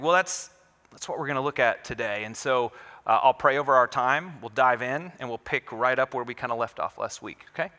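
A man preaching a sermon, telling a personal story in a relaxed, conversational and self-deprecating way. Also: mid-range voice, fairly quick, long reverb tail. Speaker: pastor.

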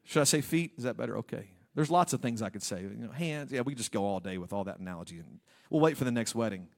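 A man's voice: medium pitch, lively intonation, fast, gravelly. A male pastor preaching a humorous sermon in a church, with playful joking asides to the congregation.

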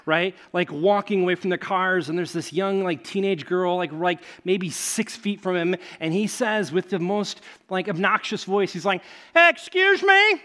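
Pastor, young man, a touch higher than usual, chatty storytelling sermon with loose fillers. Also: a bit bright. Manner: casual, storytelling, many fillers, laughs at own stories.

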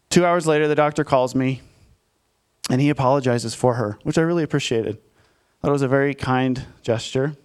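A man's voice: medium pitch, clear, resonant tone. Candid, self-deprecating male pastor. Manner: candid, self-deprecating storytelling with frequent fillers. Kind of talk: conversational sermon with personal story.

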